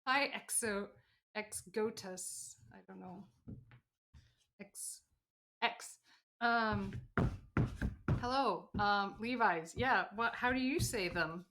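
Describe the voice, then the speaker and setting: A woman's voice: mid-range voice, slow, long pauses, a bit bright, slight background noise. An American woman chatting casually on a livestream while she works on a sewing project, reading out and answering viewer comments. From United States. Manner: chatty, rambling, reads chat aloud. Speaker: livestream crafter.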